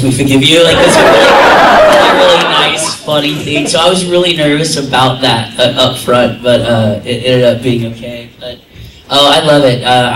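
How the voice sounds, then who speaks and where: Animated man telling stories in an echoey hall. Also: mid-range voice. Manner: animated, laughs often, mimics voices. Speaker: convention guest voice actor. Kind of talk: casual storytelling at a convention panel. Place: convention panel room. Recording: echoey room, somewhat distant, faint noise.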